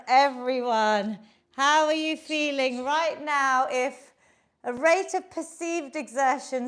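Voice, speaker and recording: A woman leads a workout class in a high, bright-pitched voice, upbeat and encouraging as she counts down reps. She takes an unhurried, measured pace, with a slight breathlessness from moving along. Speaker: fitness instructor. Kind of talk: live online workout class instruction.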